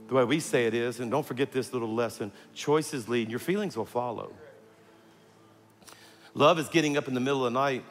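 Storytelling pastor man in a big hall. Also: medium pitch. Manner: storytelling, humorous asides, acts out quoted voices. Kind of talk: sermon with personal story. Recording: long hall reverb, faint music.

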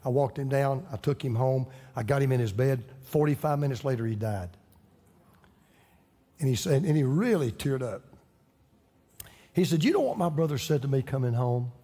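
A man's voice: mid-range voice, expressive, normal speed, long pauses, warm tone, breathy edge. Man preaching in a reverberant hall. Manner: emotional, builds to fervent preaching. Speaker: pastor. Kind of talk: storytelling sermon.

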